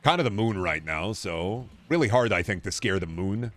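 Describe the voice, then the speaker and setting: Over soft background music, a man in his twenties streams a video game and talks back to his chat mid-play, rambling, joking, and swearing in casual livestream chatter. His lowish voice is a bit bright, with lively intonation at a normal speed.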